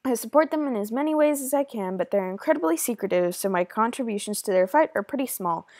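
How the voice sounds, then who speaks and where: A woman voicing a kind, secretive beekeeper woman in a game, speaking in a gentle, confiding way. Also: a little high, lively intonation, quick pace, no room sound, clean studio sound, voice pushed up.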